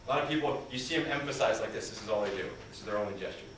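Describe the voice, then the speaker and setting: A man who trains people in communication is giving an interactive seminar presentation in a large conference hall, asking his audience questions. His voice is lowish and fairly bright, and he talks very fast. The recording is echoey, with him far from the mic and faint noise in the background.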